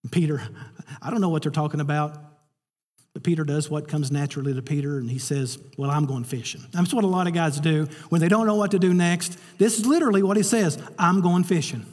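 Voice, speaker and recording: A man's voice: fairly high pitch, fairly even intonation, quick pace, darkish tone. A man preaching a sermon, telling a story and acting out the voices he quotes. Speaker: pastor. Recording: reverberant hall.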